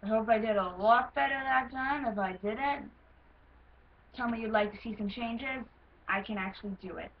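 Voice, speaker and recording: A woman's voice: a little high, normal speed. Self-conscious American woman auditioning. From United States. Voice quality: self-conscious, rambling, with frequent ums. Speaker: voice actor auditioning. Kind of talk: casual casting-call audition. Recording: lo-fi with faint hiss.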